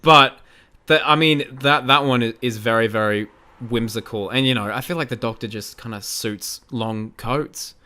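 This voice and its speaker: A man's voice: medium pitch, normal speed, sharp tone. An Australian man hosting a podcast, chatting in a laid-back, agreeable and playful way. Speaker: podcast host. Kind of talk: casual chat.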